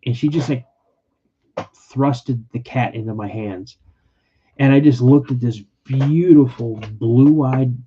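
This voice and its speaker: A man's voice: mid-range voice, dull audio. A man hosting a casual livestream podcast, rambling and emotional, often repeating himself as he tells personal stories. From California. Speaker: podcast host.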